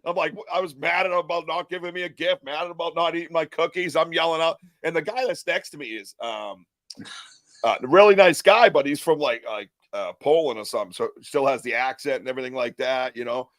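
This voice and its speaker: A man hosting a casual chat podcast, animated and laughing often as he acts out other people's lines. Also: a little high, quick pace, dry recording, clean studio sound. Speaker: podcast host.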